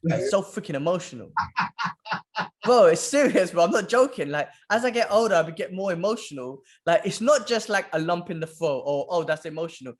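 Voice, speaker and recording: A man's voice: high voice, animated, moderate pace. A man, co-hosting a casual podcast chat, laid back and saying "bro" a lot. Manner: laid-back, says "bro" often, enthusiastic about films. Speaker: podcast co-host.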